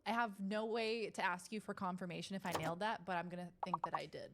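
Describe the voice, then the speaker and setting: A woman's voice: on the low side, fairly even intonation, quick pace, noisy background. A woman streaming games, chatting playfully with her viewers and laughing often. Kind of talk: live-stream gaming chat.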